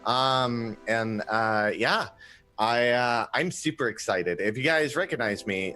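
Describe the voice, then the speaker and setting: A man's voice: medium pitch, slow, sharp tone, soft background music. A man introducing his character on a role-play stream, joking and teasing the others. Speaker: player. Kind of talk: casual chat among players.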